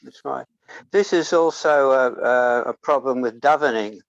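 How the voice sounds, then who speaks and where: A man's voice: medium pitch, moderate pace, vocal fry, no echo. A man with an Australian accent, reading a religious text aloud in a study group and calling in by phone on a video call. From South Australia. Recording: dull, dry phone audio.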